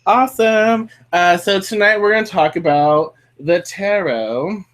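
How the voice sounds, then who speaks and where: Guy hosting a chill chat, kinda high voice, rambles n goes off topic a lot. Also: a little slow, a bit bright. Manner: chatty, rambling, goes off on tangents. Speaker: host. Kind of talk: casual chat.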